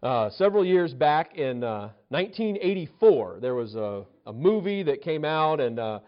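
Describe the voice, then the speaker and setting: A man's voice: fairly high pitch, sing-song, normal speed, muffled recording. A male pastor preaching a sermon, telling a story with frequent restarts and acted-out quotes.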